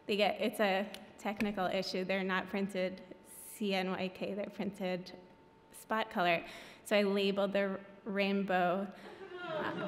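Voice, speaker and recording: A woman reading her own graphic novel at a public event, breaking off for wry, self-deprecating asides. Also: mid-range voice. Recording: echoey hall.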